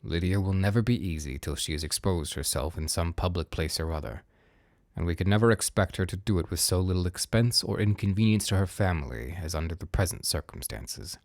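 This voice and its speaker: A man's voice: deep voice, a little fast, dry recording. A man reading a dry, teasing older father in a storybook. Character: wry, sardonic older gentleman, a father.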